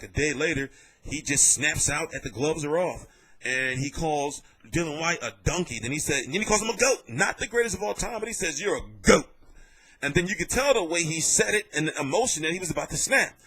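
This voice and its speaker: A man giving casual vlog commentary on boxing, telling it in an animated, jokey and profane way. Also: on the high side.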